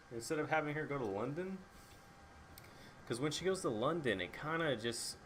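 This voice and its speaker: Young male vlogger, lower voice, loose and profane, faint background hum. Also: a bit bright. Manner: casual, swears freely, lots of fillers; acts out characters' lines in quick asides. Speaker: book reviewer. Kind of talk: casual book and movie review.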